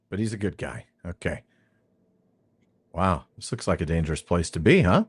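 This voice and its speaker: A man's voice: deep voice, sing-song, normal speed, breathy edge, dry recording, studio quality. A man hosting a game stream, chatting casually and thinking aloud as he plays. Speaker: streamer and podcast host. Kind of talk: casual gameplay commentary.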